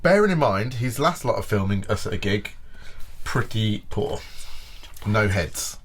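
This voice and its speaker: A man in casual conversation, his pitch swinging widely as he teases and laughs. Faint background noise sits under his voice. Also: unhurried. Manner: lively, laughing, teasing. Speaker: band member co-host. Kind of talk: casual chat.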